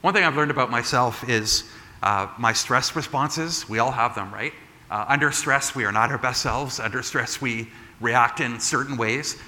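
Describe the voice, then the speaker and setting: Bright-voiced man preaching in a hall. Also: medium pitch, normal speed. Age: adult. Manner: conversational, animated retelling with frequent "like" and "right?". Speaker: pastor. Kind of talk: sermon.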